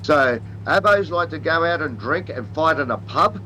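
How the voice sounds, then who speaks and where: A man's voice: a little high, expressive, moderate pace, sharp tone, a little hiss or hum, poor audio. A man with an Australian accent, talking in blunt, rambling casual chat and swearing constantly. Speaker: co-host.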